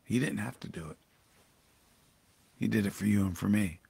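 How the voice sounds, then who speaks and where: A man's voice: fairly low pitch, normal speed, vocal fry, warm tone, slightly rough, no room sound. A pastor reading scripture aloud and commenting on it in a devotional Bible teaching, with sudden emphatic rises in his voice. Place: church livestream.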